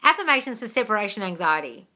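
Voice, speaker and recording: Bright-voiced woman coaching viewers live. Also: medium pitch, big pitch swings, quick pace. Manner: direct, coaching, calls listeners darling; swears casually. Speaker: manifesting coach answering viewer questions. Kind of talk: live-stream Q&A.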